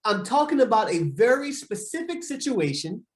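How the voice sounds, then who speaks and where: A man, a relationship counselor, teaching a group session and repeating key points slowly with frequent "right?" checks. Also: very high-pitched, sing-song. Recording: roomy echo.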